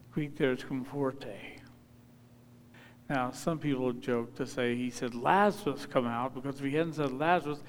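A man preaching a sermon, reading scripture aloud and rising to emphatic, forceful calls. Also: fairly high pitch. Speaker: pastor. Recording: long hall reverb.

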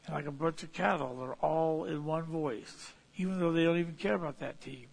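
A man with a husky, slightly high voice delivers a folksy sermon. He talks in plain, homespun pictures and swells into sudden emphatic peaks before easing back down. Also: a little fast. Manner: folksy, illustrative preaching with sudden emphatic rises. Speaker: preacher.

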